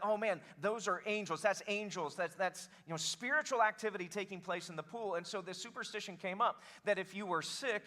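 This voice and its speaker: A male pastor preaching a sermon in a lively, joking way, calling on the congregation to answer. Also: high-pitched. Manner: animated, joking, calls for congregation response.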